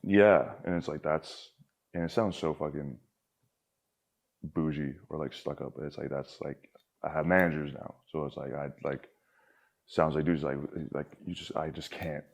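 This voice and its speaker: A man's voice: a bass voice, fairly even intonation, normal speed, creaky. A young man talking candidly as a podcast guest, rambling with lots of filler words and casual swearing.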